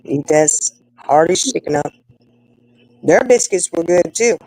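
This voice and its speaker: A woman, telling stories in a relaxed chat among friends. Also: unhurried, a little hiss or hum, low-quality recording. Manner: chatty storyteller, animated with big swings in pitch. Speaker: co-host. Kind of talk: casual chat.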